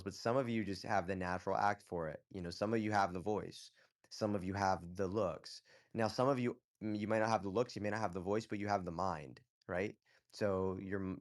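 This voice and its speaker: A man hosting a casual live audio chat, giving blunt, profane advice and often checking in with "okay?". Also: sits low. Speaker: host.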